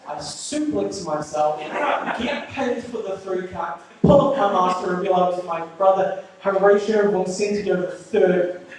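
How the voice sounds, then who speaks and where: A man tells stand-up stories to a small live crowd in a dry, deadpan, rambling way, full of ums and restarts. His voice sits a bit high. The rough recording is very echoey and picked up from well back in the room, with faint noise underneath. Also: unhurried, recorded from a distance. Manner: deadpan, rambling storytelling with filler words. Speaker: stand-up comedian. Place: small live venue with audience. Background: audience laughter.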